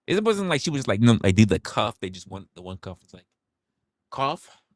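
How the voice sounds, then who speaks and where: A young man hosting a livestream tells his viewers a story in a casual, animated, profane way, acting out the quotes. His voice sits on the low side and moves fast, with clean studio sound and no echo.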